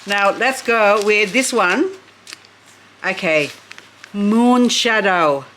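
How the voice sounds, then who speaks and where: A woman's voice: medium pitch, extremely slow, a bit bright. A woman vlogging at home, chatty and gushing as she unboxes succulents and talks to her plants. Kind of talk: casual unboxing chat.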